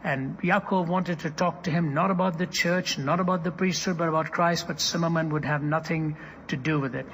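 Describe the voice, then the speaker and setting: An older man preaching a sermon, telling stories dramatically and swinging from hushed to loud, recorded in a large hall. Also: fairly high pitch, steady tone, normal speed, hardly any pauses, slight background noise.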